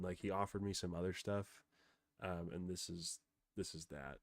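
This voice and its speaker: A man's voice: low-pitched, unhurried, long pauses, slight background noise. A young man hosting a live stream, rambling and frustrated as he rants, with many fillers. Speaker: streamer host. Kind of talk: live stream commentary, ranting.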